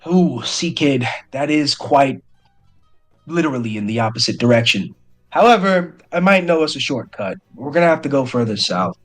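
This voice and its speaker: A man's voice: medium pitch, lively intonation, moderate pace, soft background music, lightly acted, poor audio. A man voicing a smug, menacing male gang boss who carries a gun, with a sneering, threatening delivery.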